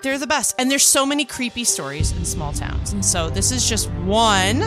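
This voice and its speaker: A woman's voice: mid-range voice, expressive, moderate pace, music in the background. A woman co-hosting a casual podcast, eager and chatty as she wraps up the episode. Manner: eager, chatty, plays along with jokes. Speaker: podcast co-host. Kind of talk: casual chat.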